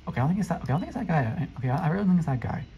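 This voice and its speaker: A young man giving excitable commentary over his own gameplay as a channel host, often jumping into squeaky teasing voices. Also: racing, highs cut off, a little hiss or hum.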